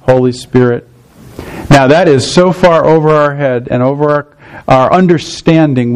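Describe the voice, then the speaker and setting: A man's voice: a little high, darkish tone, low-quality recording. Man preaching an explanatory sermon. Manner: explanatory, checks in with listeners. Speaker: pastor.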